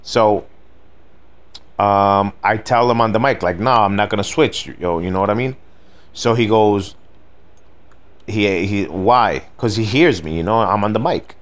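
A man's voice: on the low side, a little slow, long pauses. Profane, rambling man ranting about a gamer. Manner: rambling, profane, with frequent "you know what I mean" fillers. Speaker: gaming video host. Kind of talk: casual storytelling rant.

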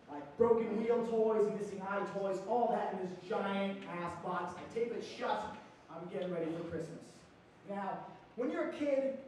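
A man performs a stand-up comedy set, telling brash stories and acting out loud quoted lines. His voice carries a heavy room echo. The mic sits some distance away, with a faint ambience of the room underneath. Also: sits high, slight background noise. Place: comedy stage.

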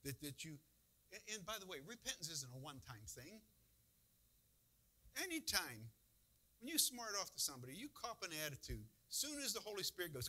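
Bright-voiced man preaching a folksy sermon. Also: sits high, sing-song, brisk, low-quality recording. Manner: folksy, conversational preaching with emphatic bursts. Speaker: pastor.

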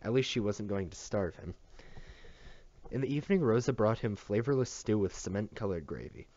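Deep-voiced man reading a novel aloud. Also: expressive, normal speed, darkish tone. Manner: plain reading with stumbles and self-corrections. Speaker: audiobook reader. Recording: dull dry lo-fi home recording.

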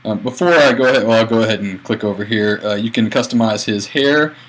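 Casting: a low-voiced male teacher for a computer-mic screencast, plain and halting. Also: a bit bright, rough recording. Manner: plain, a bit halting, narrating his clicks. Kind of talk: screencast tutorial.

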